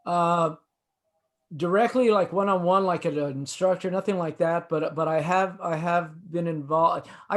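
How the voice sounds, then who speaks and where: An older man from East Los Angeles talks casually, with a voice that sits a little high for a man. He rambles and halts, circling back through fillers and restarts as he tells a road story. The feel is relaxed guest chat. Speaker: musician guest.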